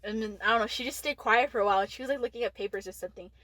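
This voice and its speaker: A woman's voice: a little high, rapid-fire, fairly bright tone, no echo. A teenage woman co-hosting a podcast, telling a candid story full of "like" fillers and swearing. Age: teens. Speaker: podcast co-host. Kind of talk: casual storytelling chat.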